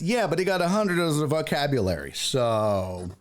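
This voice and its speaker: Comedic male host, lively and loose, swears freely, faint noise underneath. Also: fairly high pitch, normal speed. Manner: laughing, animated, swears freely. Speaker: podcast host and stand-up comedian. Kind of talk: casual interview chat.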